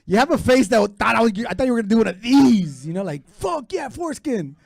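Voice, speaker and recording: High-voiced man emceeing a comedy show. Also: animated, quick pace, creaky, no room sound, clean studio sound. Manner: loose, joking banter with the crowd. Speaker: show host. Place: comedy club stage.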